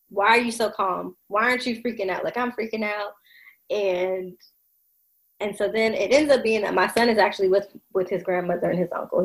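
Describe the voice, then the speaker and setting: A woman's voice: mid-range voice, poor audio. A woman telling a personal story in casual conversation, reflective, with many fillers and restarts.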